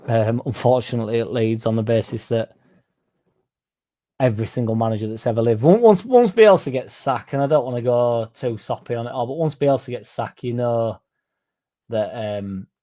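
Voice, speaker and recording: Mellow and mid-range, the young man's voice keeps fairly even intonation at a normal speed. On his fan stream he chats casually and rambles, reading viewer comments and dropping the odd swear word.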